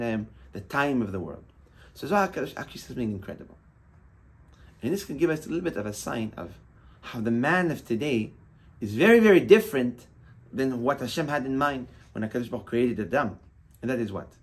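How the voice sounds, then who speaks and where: A man's voice: mid-range voice, husky. A man giving a sermon as a rabbi, impassioned and emphatic, weaving Hebrew terms into his teaching.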